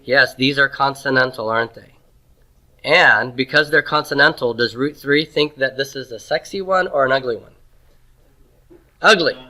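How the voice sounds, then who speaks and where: Teacher: man, bright tone, quizzes the class and cracks folksy jokes. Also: mid-range voice, normal speed, poor audio. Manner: drills pronunciation, asks the class questions, folksy jokes. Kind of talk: classroom lecture.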